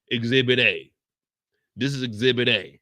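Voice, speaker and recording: Man, TV after-show host, animated, crisp bright tone. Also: measured pace, no room sound. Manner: animated, jokey riffing with wild pitch swings. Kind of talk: comedic TV after-show reaction.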